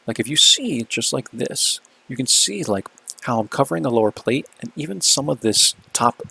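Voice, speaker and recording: A man's voice: medium pitch, lively intonation, normal speed, creaky, bright, forceful tone, slightly rough. A man casually talking through replays of his own games as the video's host, laid-back and chatty, often checking in with "right?".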